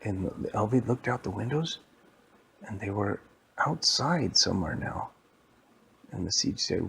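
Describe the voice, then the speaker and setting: A man improvising a story for a child, animated and dropping into whispers for suspense. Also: lowish voice, a little slow, creaky, long pauses, a little hiss or hum.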